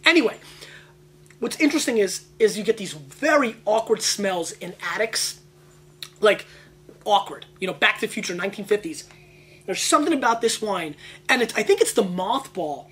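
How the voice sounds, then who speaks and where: A man hosting a casual wine tasting video, brash and excitable, veering off into rambling tangents. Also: sits high, normal speed, breathy edge. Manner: brash and emphatic. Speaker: wine show host.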